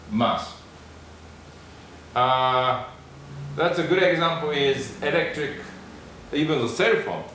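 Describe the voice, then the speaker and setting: Slow-spoken teacher in a very echoey room. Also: male voice, on the high side, a bit bright. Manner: slow, repeats syllables, checks in with "okay?". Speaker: Japanese language teacher. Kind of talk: classroom lesson. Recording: very echoey room with faint noise.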